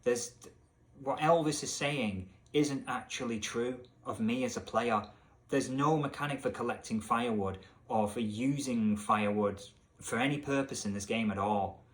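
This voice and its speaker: A man hosting a comedic video rant about a game, talking in an exasperated, sarcastic way that jumps up in pitch when he is incredulous. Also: normal speed. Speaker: video essay host.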